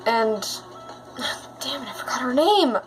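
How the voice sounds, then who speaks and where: A chatty, excitable woman telling stories in a casual vlog. Her voice sits high and bright in pitch, and she talks to her viewers in a loose, conversational way. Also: measured pace, music in the background, low-quality recording. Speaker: YouTuber.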